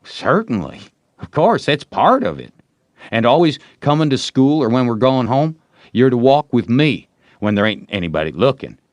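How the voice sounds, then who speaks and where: A man's voice: medium pitch, big pitch swings, moderate pace, no echo, highs cut off, pitched above the performer's own voice, close to an everyday voice. A man voicing an eager, smitten young boy in an audiobook, talking in a coaxing, boastful way. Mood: pleading. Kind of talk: audiobook reading.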